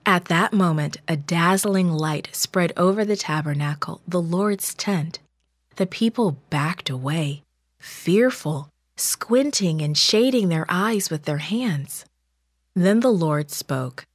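Slow-reading woman storyteller. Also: on the low side, lively intonation, no room sound, clean studio sound. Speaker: narrator. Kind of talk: scripted storybook narration.

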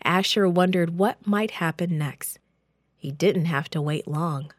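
A woman tells a children's Bible story in a gentle, expressive read-aloud manner. She takes her time and lets each phrase land slowly. The sound is dry and close to the mic. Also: lowish voice, no room sound.

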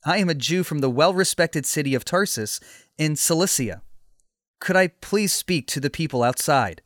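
A composed, polite man under arrest speaks up for himself in a storybook, read by a male narrator. The voice is slightly high and dry, with no room sound. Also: moderate pace, no room sound. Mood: calm. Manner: calm and polite.

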